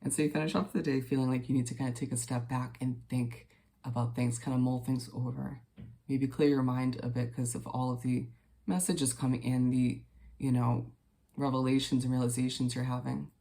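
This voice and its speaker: A man talks through a daily tarot spread in a gravelly, creaky voice. His pitch stays flat and level, and his delivery is gentle, reassuring and unhurried, with relaxed fillers as he speaks to his viewers. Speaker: tarot reader. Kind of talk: casual tarot reading to viewers.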